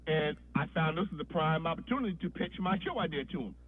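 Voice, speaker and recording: A man's voice: a little high, lively intonation, quick pace, narrow, tinny audio. A man, a podcast guest, telling a long story in a loose, profane way, often restarting his sentences. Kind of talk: casual storytelling.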